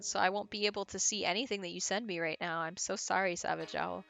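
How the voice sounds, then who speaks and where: A woman's voice: medium pitch, fairly even intonation, brisk, vocal fry, pushed and bright, faint music behind. A woman streaming a game from home, chatting casually with viewers and reading game text aloud with little laughs.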